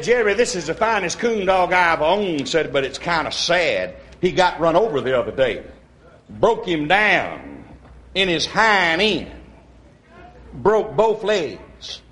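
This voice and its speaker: A man telling a comic yarn in a lively folksy drawl. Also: sits high. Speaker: comedian. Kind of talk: storytelling comedy routine.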